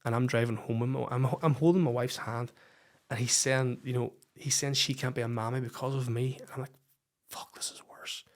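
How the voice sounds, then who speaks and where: A man's voice: mid-range voice, fairly even intonation, a little fast. A man with a Northern Irish accent, a podcast guest telling his personal story frankly and swearing freely. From Northern Ireland.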